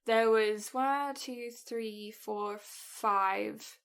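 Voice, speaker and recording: A British woman co-hosting a podcast, telling a story in a chatty, animated way and laughing often. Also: mid-range voice, extremely slow, smooth. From Britain. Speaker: podcast co-host.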